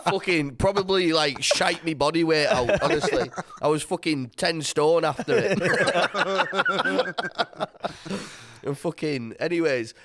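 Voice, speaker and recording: A man's voice: on the high side, huge pitch swings, slow pace, long pauses, fairly bright tone. A man, a podcast guest in a studio, telling a story in casual chat, swearing constantly and laughing as he goes.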